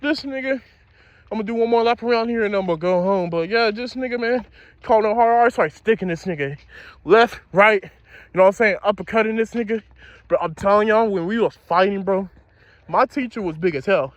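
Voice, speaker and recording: A man's voice: high-pitched, brisk, no echo. A young man telling a story from his school days in a casual, slangy, profane way, speaking outdoors.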